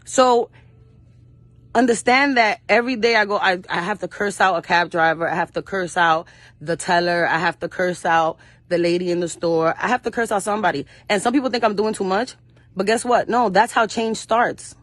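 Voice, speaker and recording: A woman's voice: medium pitch, fairly even intonation, moderate pace, no room sound. Woman, young adult, actress guest, blunt, fiery, curses a lot, dry close sound. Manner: blunt and fiery, with frequent cursing; acts out quoted voices of her mother and others. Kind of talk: passionate storytelling in an interview.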